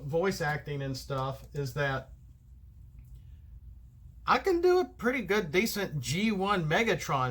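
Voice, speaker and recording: Rambling middle-aged Southern man, bright voice. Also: a little high. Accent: American Southern. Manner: rambling, loses his thread, many fillers. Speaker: card game vlogger. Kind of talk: casual solo vlog monologue.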